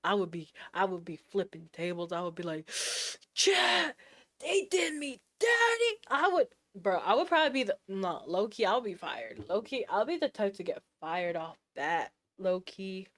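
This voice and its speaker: A woman streamer chatting casually with her live audience, sassy and slangy, full of quick asides and restarts. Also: on the low side, animated.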